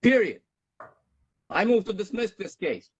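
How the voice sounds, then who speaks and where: Combative high-voiced man arguing in court. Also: sing-song, a little slow, husky, no room sound, muffled recording. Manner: combative, interrupting, insistent. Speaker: defendant in traffic court. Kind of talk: arguing his case.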